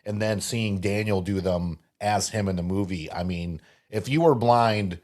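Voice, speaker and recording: A man with a very low voice talks casually on a podcast. He laughs easily, swears now and then, and keeps the chat relaxed. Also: a little slow. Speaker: podcast co-host.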